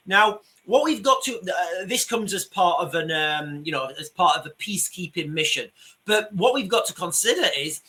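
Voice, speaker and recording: Yorkshire man, online commentator, bright forceful tone, slightly raised pitch, emphatic and repetitive. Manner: emphatic, repeats himself, addresses viewers as ladies and gentlemen. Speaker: commentator on a video channel. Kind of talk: screen-share commentary.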